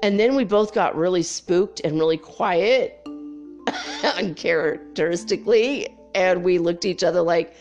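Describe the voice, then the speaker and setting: Middle-aged woman vlogger, raspy fry in her voice, loose and profane, animated storyteller. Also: on the low side, slow, soft background music. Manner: chatty, swears freely, animated storytelling. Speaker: spiritual vlogger. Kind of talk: casual chat.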